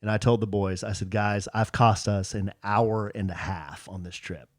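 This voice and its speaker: A man's voice: lowish voice, fairly even intonation, moderate pace, no room sound, studio quality. A middle-aged man co-hosting a podcast, telling rambling, self-mocking stories about a family trip. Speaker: podcast co-host. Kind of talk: casual storytelling chat.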